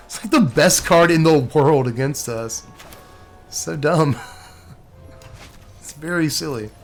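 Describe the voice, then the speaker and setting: A man's voice: a little high, measured pace, long pauses, a little hiss or hum. A man commenting casually on his own online card game, talking to himself and ranting in exasperation when plays go wrong. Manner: animated, talks to himself and the game, exasperated rants. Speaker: gameplay streamer.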